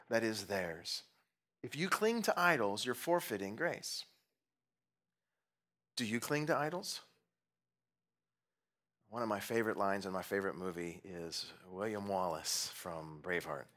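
A middle-aged man preaching a sermon as pastor, earnest and emphatic, slowing down and dropping to near-whispers on key phrases, with light humorous asides. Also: fairly low pitch, bright, forceful tone.

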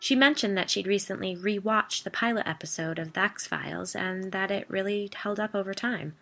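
A woman's voice: mid-range voice, normal speed, vocal fry, a bit bright, soft background music. Woman narrating a first-person storybook. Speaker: audiobook narrator. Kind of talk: scripted narration.

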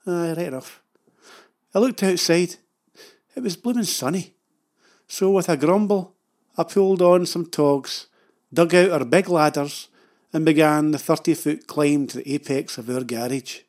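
A man's voice: fairly high pitch, a little slow, pauses often, darkish tone. A man with a Scottish accent narrating a humorous story about his own life in a dry, self-mocking way.

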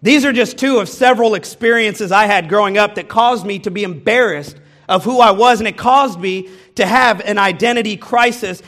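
A man's voice: high voice, moderate pace, a bit bright. A man from the American Midwest, a pastor giving a candid sermon, telling personal stories and speaking straight to his congregation with self-deprecating humor.

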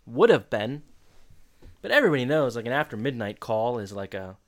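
A man's voice: medium pitch, no room sound. Guy cohosting a podcast, hops into little voices for the characters, dead dry close sound. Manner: animated, acts out characters' lines in quick voices. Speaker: podcast co-host. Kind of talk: casual chat recapping a show.

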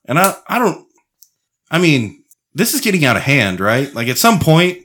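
A man co-hosting a casual podcast, telling a crude joke in a deadpan, swearing way. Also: a little high, moderate pace, slight background noise. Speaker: podcast co-host.

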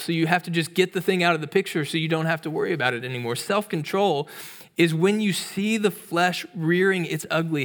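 A man preaching a sermon as a pastor, in a conversational way with restarts and tag questions. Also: a bit bright. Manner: acts out storybook voices in a higher pitch.

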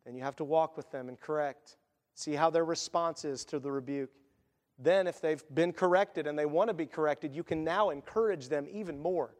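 A man's voice: on the high side, normal speed, darkish tone, long reverb tail. A man preaching a sermon as pastor, in a conversational style with asides and acted quotes.

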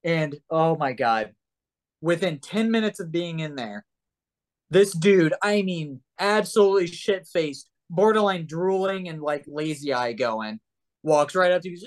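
A man's voice: fairly high pitch, moderate pace. Rambling man telling stories. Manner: rambling, restarts, swears, animated storytelling. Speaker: guest. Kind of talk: casual anecdote telling.

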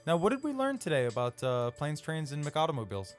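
A man's voice: on the high side, quick pace, soft background music. A man co-hosting a comedy podcast, joking loosely with friends in casual banter. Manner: jokey, lively, laughing. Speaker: podcast co-host.

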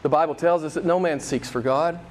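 A man preaching a sermon, emphatic and conversational, pressing the congregation with repeated rhetorical questions. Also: fairly quick. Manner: emphatic, rhetorical questions, wide swings in pitch and loudness. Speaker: pastor.

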